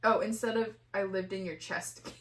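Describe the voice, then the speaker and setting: A woman's voice: mid-range voice, steady tone, moderate pace. A young woman co-hosting a podcast, casually reading listener submissions aloud and giggling often. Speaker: podcast co-host. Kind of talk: casual chat.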